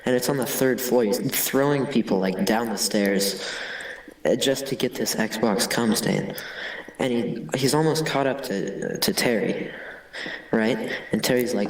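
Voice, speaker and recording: Halting man on a distant, echoey mic. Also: mid-range voice. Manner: halting, profane, full of restarts. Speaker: comedy game player. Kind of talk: improvised crude storytelling.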